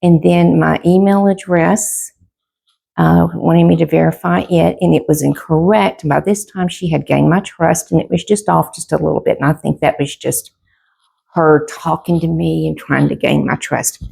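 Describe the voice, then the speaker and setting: A woman's voice: low voice, fairly even intonation, normal speed, gravelly, dark tone, breathy edge. A middle-aged woman, casually telling a personal story to camera, rambling with lots of fillers and quoted back-and-forth.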